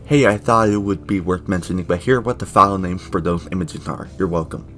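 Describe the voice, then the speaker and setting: A man's voice: low-pitched, a little fast, a bit bright, soft background music. A man narrating a casual video review in an offhand, sarcastic way, dropping joking asides. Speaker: YouTube reviewer.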